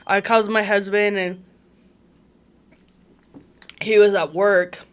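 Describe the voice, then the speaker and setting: A woman speaking at a middle pitch for her sex, recounting events as an interview guest. Her delivery is casual and lively, with a steady stream of "like" fillers. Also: takes it slowly, smooth. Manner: chatty and animated, heavy use of "like" fillers. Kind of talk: casual conversational storytelling.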